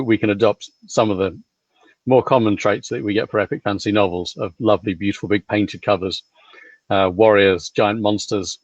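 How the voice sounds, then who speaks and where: Chill guy on a video call, lowish voice, dry muffled sound. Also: dry recording. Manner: relaxed, easygoing. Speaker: publishing coordinator. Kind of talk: casual chat.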